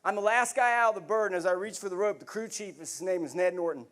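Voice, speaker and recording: High-voiced man telling a war story. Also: fast. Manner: vivid, animated storytelling with bursts of laughter. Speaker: keynote speaker. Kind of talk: storytelling talk to a live audience.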